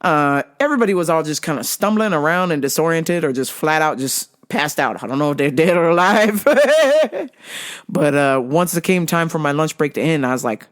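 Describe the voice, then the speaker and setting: A woman's voice: low-pitched, big pitch swings, normal speed. A woman hosting a podcast, telling a comic story in a casual, profane way, acting out her own reactions and laughing often. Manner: laughs often between lines. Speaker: podcast host.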